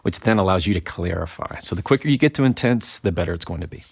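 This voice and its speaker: A man in his thirties with a very low voice explains communication as a podcast guest. He acts out both sides of arguments in lively quoted voices. The sound is dry and close. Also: fast, creaky, husky, no echo. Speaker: guest, lawyer and communication coach. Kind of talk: explaining in an interview.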